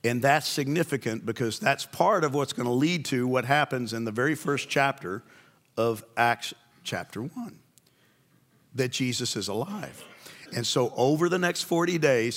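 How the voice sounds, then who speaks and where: Man, preacher, sermon, conversational storytelling, middle pitch, asks the listeners questions. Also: lively intonation, measured pace, a bit bright.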